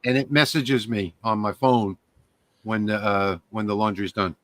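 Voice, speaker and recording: A man chatting casually as a guest on a live stream, relaxed and joking. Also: lowish voice, normal speed, no echo.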